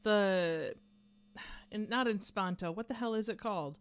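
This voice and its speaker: A woman's voice: medium pitch, unhurried, clean tone, no echo. A woman hosting a livestream, chatting casually and rambling as she reads out the chat. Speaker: livestream host.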